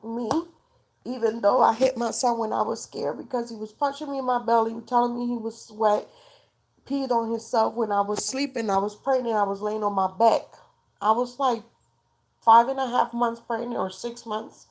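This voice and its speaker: A woman's voice: fairly high pitch, fairly even intonation, normal speed, darkish tone, a little hiss or hum. A woman telling her own story as a mother, in raw, tearful, pleading testimony. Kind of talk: emotional personal testimony.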